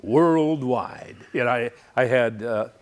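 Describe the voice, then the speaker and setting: A middle-aged man from Wisconsin, a guest speaker giving a humorous, rambling talk to a men's group with deadpan asides. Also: a little high, unhurried. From Wisconsin, USA. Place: coffee shop.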